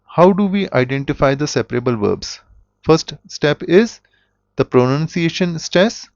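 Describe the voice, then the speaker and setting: Slow-speaking man teaching. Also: a little high, lively intonation, no echo. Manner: slow, deliberate, with self-corrections. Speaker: German teacher. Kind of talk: explanatory language lesson. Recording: dull, dry lo-fi audio.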